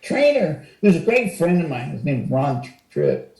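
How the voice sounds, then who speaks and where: A man in his sixties tells stories as an interview guest, animated and quick to jump into acted-out quotes. His voice sits fairly high but sounds mellow. The recording has a roomy echo around it. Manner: animated storyteller, acts out quotes with rising pitch. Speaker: interview guest, retired wrestler. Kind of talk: casual storytelling interview.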